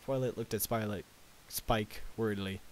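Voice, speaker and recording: Halting man reading a story aloud. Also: on the low side, steady tone, low-quality recording. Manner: halting, with slips and self-corrections. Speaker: amateur reader. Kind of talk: reading fan fiction aloud. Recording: faint tape hiss.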